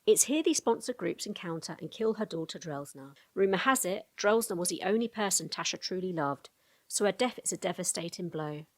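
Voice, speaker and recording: A woman narrating a fantasy lore explainer video in a brisk storytelling tone, with casual asides to the viewer. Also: lowish voice, expressive.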